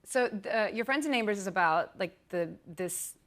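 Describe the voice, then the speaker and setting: A woman's voice: medium pitch, lively intonation, moderate pace, fairly bright tone. Brief: woman guest on a TV talk show, chatty storyteller who acts out every quote, laughs often, mid-range voice. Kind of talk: casual chat, anecdote telling. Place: TV studio.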